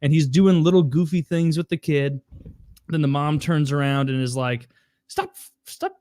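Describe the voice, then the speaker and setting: A podcast co-host chats casually about a film, animatedly acting out scenes and laughing along the way. His voice is on the high side at a normal pace, recorded dry.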